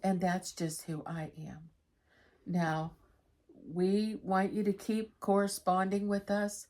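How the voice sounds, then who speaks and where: A woman's voice: mid-range voice, flat delivery, slow, a little mellow. A middle-aged woman chatting candidly to camera in a home vlog, telling stories about her everyday life. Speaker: vlogger. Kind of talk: casual chat to camera.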